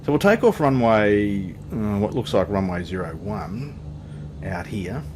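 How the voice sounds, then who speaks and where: An Australian flight sim host talks a little slowly in a low, darkish, animated voice, with slight background noise present. He keeps his gameplay commentary casual, chatty and self-mocking.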